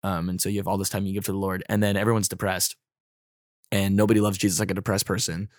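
A man's voice: low-pitched, flat delivery, fast talker, dry recording, clean studio sound. A young man in his twenties, a podcast guest chatting casually, with lots of "like" and "um" fillers. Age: 20s. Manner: rambling, heavy on fillers like "like" and "um". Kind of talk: casual chat.

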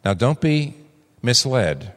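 Animated older male preacher in a reverberant hall. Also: slow. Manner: animated, acts out quoted voices with big pitch jumps. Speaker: pastor. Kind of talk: sermon. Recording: long reverb of a large hall.

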